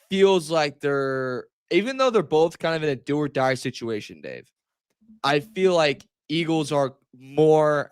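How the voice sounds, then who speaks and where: A man co-hosting a casual sports podcast, talking in a relaxed, analytical way. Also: a little high, smooth, no room sound. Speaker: podcast co-host.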